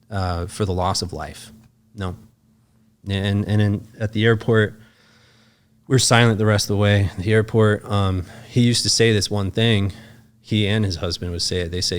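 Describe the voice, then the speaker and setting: A young man, a podcast guest, telling a personal story in casual talk, emotional and profane, acting out the other people's lines as he goes. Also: on the low side. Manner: emotional, profane, animated retelling with quoted dialogue.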